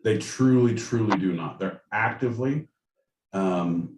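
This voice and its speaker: A man's voice: lowish voice, unhurried, darkish tone, recorded from a distance. Rambling, jokey male podcast co-host. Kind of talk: casual chat. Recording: roomy sound, off-mic, faint noise.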